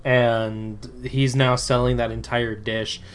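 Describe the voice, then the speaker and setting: A man's voice: mid-range voice, little pitch movement, slow pace, clean tone. Wry joking man on a podcast. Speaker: podcast co-host. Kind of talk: casual fan chat.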